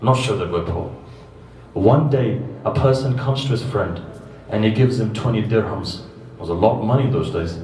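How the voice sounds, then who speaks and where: A man giving a religious sermon to a gathering, telling stories with animated swings between loud emphasis and quiet asides. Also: on the low side, normal speed. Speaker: religious lecturer. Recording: echoey hall, distant mic, faint background noise.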